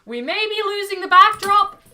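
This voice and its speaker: A woman's voice: extremely high pitch, animated, normal speed, sharp tone, soft background music. A woman, chatting playfully as a streamer, laughing often and talking to her cat and her chat. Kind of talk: casual gaming stream chat.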